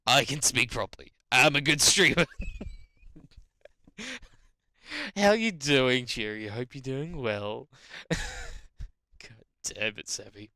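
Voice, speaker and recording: A New Zealand-accented streamer chats through a game and reads its lines aloud, laughing at their own stumbles. The voice is bright and the pitch swings widely. They speak slowly and unhurriedly. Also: no room sound. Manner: giggly, animated, laughs at own slip-ups. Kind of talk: gameplay commentary, reading dialogue aloud.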